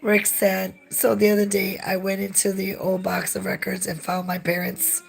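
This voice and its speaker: Hoarse woman, heavy vocal fry, mid pitch, dry teasing co-host on a live stream. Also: monotone, moderate pace. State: hoarse, losing her voice. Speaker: channel co-host.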